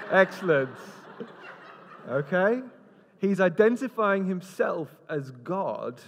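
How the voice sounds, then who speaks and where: A man's voice: fairly high pitch, takes it slowly. A man preaching an interactive sermon, joking with volunteers and directing them around the stage. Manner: lively, jokey, directing people on stage. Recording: long reverb in a large hall.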